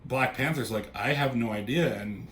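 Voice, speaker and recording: A man casually recapping a comic book, swearing freely and popping into quick voices for the characters. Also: mid-range voice, a bit bright, slight background noise. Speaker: comic reviewer.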